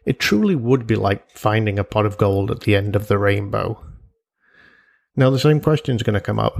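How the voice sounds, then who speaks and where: A man's voice: lowish voice, expressive, moderate pace, gravelly, darkish tone. A man hosting a solo personal finance podcast, chatty and jokey, with asides and imagined quotes from listeners. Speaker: podcast host.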